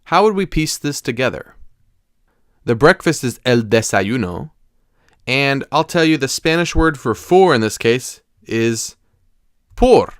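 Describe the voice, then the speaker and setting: A man leads a recorded language lesson, talking through each step slowly and deliberately. His voice is smooth and clear, and he sits right at the microphone in a dead, dry room with no echo. His pitch sits in the middle for a man. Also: animated. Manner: slow, deliberate explanations with careful pronunciation. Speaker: Spanish teacher.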